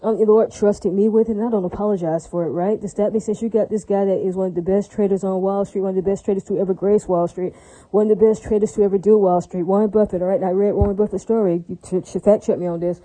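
A woman delivering a rambling solo monologue at a quick clip. Her voice is very dark and mellow. She keeps repeating herself, drops in religious asides and checks that her listeners follow. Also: medium pitch, fairly even intonation, low-quality recording. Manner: frequent religious interjections.

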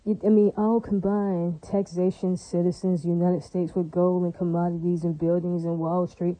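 A woman's voice: on the low side, little pitch movement, moderate pace, mellow, no room sound, rough recording. A woman delivering a rambling, emphatic and profane monologue, repeating herself often.

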